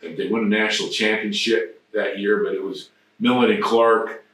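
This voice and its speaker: Speaking at normal speed in a lowish, level, fairly bright voice, a man in his sixties spins rambling, profane anecdotes as an interview guest. The casual storytelling comes through a distant mic in a very echoey room.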